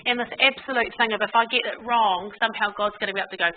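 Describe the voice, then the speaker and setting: Lively New woman, tinny sound. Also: on the high side, very fast, slight background noise. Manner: lively and candid, acts out quotes and laughs easily. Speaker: conference speaker. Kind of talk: informal faith talk to an audience.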